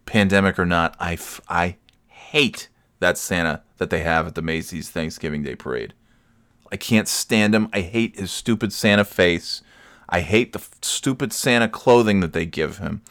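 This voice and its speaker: A man's voice: deep voice, normal speed, fairly bright tone, no room sound, clean studio sound. A man ranting casually, grumbling and swearing, with frequent restarts. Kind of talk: casual rant.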